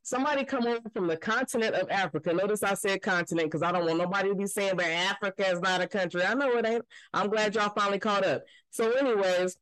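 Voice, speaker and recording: A podcast co-host in casual chat, telling stories with heavy emphasis and plenty of swearing. The voice sits at a middling pitch and is recorded dry and close, with almost no room sound. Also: fast, hardly any pauses, fairly bright tone, no room sound, low-quality recording. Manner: emphatic, profane storytelling.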